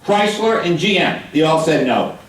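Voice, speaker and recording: An older man giving a guest lecture to high school students, chatty and joking as he quizzes the room. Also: expressive, normal speed. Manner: chatty, jokey, quizzes the audience. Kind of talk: classroom lecture with questions to students. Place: high school hall or classroom. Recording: echoey room, mic at a distance.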